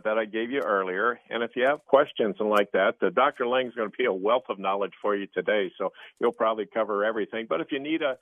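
A man's voice: mid-range voice, no room sound. A man co-hosting a radio health show, talking earnestly and rambling with lots of fillers. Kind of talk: casual radio talk. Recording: tinny phone-like radio audio.

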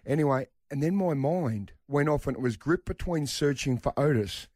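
A man's voice: fairly high pitch, normal speed, dry recording, clean studio sound. An Australian man hosting a radio show, telling a personal story with energy and acting out the voices of the people in it. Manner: animated, acts out the voices in his story.

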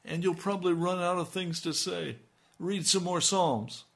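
A man's voice: high voice, fairly even intonation, moderate pace, vocal fry, a bit bright. A middle-aged male pastor giving a radio sermon and praying earnestly, pleading as he goes. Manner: earnest, pleading prayer that rises in intensity.

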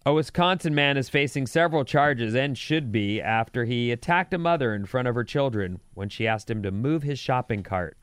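A man co-hosting a talk show, bantering and reading out news items with a dry, sarcastic wit. His voice is smooth and resonant. The sound is close and dry, as from a studio mic. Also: mid-range voice, normal speed, few pauses, fairly bright tone, dry recording. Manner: wry, sarcastic. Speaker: radio show co-host.

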